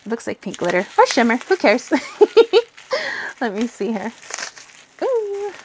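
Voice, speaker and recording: A young woman hosting a tarot channel, gushing over an unboxing with gasps and breathy excited whispers. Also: a little high, unhurried, slight background noise.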